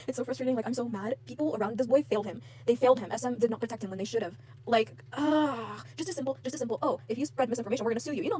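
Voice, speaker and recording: A woman's voice: on the high side, darkish tone, a little hiss or hum. A woman vlogger in a casual rant to camera, heated and frustrated, with lots of fillers and swearing.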